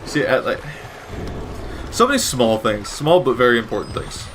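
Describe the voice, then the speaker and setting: A man's voice: medium pitch, sing-song, normal speed, a bit bright, slight background noise. A man giving casual, rambling gameplay commentary with wry asides and frequent self-corrections. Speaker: gaming commentator.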